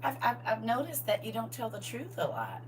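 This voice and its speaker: A woman's voice: fairly high pitch, a little fast. A middle-aged woman casually telling a story to her viewers, acting out the quotes and laughing as she goes. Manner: animated, laughing, acts out quotes. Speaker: livestream host. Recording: distant mic with faint hum.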